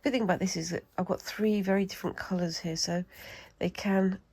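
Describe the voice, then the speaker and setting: A woman's voice: fairly low pitch, fairly even intonation, a little fast, darkish tone, husky, poor audio. A British woman with a cold, chatting and rambling casually as she demonstrates a craft, talking to herself while she works. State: has a cold. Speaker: craft vlogger.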